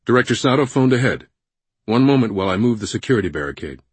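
A man voicing a male military gate guard who answers crisply and formally in an audiobook. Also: medium pitch, very animated, quick pace, no echo, pitched above the performer's own voice. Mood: brisk.

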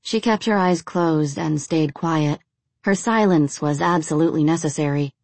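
Low-voiced woman narrating audiobooks. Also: normal speed, darkish tone, no room sound. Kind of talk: scripted narration.

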